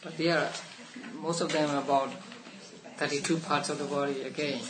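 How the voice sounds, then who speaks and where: Man, teacher, study class on scripture, restarts and soft laughs, echoey room, faint hum. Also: fairly high pitch, little pitch movement, normal speed. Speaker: Buddhist teacher. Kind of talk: explaining a text to a study class. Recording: roomy, distant mic, faint room noise.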